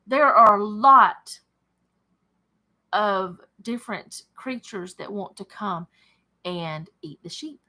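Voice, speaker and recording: A woman's voice: medium pitch, bright, forceful tone. A woman leading a home Bible study, reading scripture aloud and chatting about it as she thinks aloud and corrects herself.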